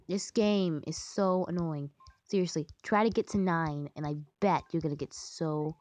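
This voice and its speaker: A woman's voice: low voice, moderate pace, a little mellow, no echo, highs cut off. A young woman chatting casually while she plays a game, singing made-up songs and breaking into sudden frustrated squeals. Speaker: gaming vlogger.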